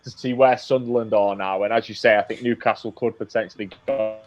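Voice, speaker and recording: A man's voice: lowish voice, steady tone, fairly quick, faint music behind. Casual man hosting a podcast, lo-fi. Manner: chatty, laughs easily, restarts often. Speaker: podcast host. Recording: slightly dull lo-fi sound.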